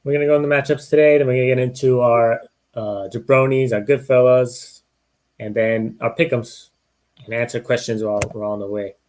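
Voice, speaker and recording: A man hosting a casual sports podcast with a relaxed, joking manner. His voice sits at an ordinary middle pitch, and he talks in a loose, friendly way. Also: a little fast. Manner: easygoing, joking banter. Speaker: podcast host. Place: live-streamed podcast.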